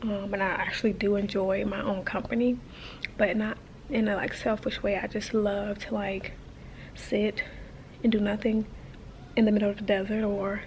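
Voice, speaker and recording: A woman's voice: mid-range voice, flat delivery, normal speed, a little hiss or hum. A woman of thirty talking to camera in a hotel in the desert, chatty and emotional, with lots of fillers. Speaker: travel vlogger. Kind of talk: casual vlog talk to camera.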